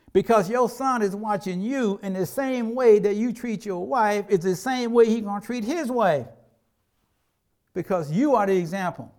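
A middle-aged male pastor preaching in a loose, conversational way. His voice sits a little high for a man, and he slips into acted-out quotes from everyday life as he talks. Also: animated, normal speed, a little mellow. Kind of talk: sermon.

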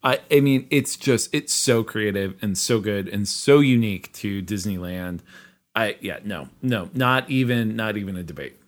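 A man's voice: lowish voice, moderate pace. A man co-hosting a casual podcast chat, emphatic and enthusiastic, getting choked up as he talks. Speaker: podcast co-host.

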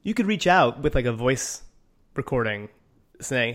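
A man's voice: medium pitch, big pitch swings, a little slow, a bit bright. A man co-hosting a podcast, chatting casually with many hesitations and easy laughs. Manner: hesitant, lots of ums, laughs easily. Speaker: podcast co-host. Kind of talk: casual chat.

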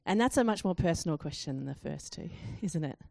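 Expressive woman preaching a sermon. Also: deep voice, brisk, creaky, no echo, clean studio sound. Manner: expressive, acts out quoted questions with rising emphasis.

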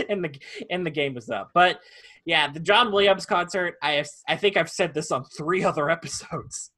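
Young man, podcast co-host, bright tone, animated storyteller who laughs a lot. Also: a little high, normal speed. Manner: animated, laughs often, restarts phrases. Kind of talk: casual storytelling chat.

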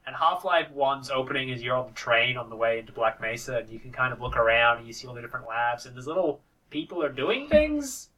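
A man chatting casually about video games, rambling and animated, with quick impressions. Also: medium pitch, recorded from a distance, rough recording. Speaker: podcast co-host.

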